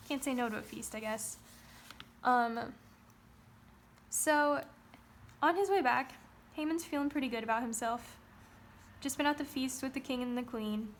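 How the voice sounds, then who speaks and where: A woman's voice: sits high, moderate pace, long pauses, slight background noise. A woman teaching Sunday school, retelling a story in a chatty, casual way with playful asides.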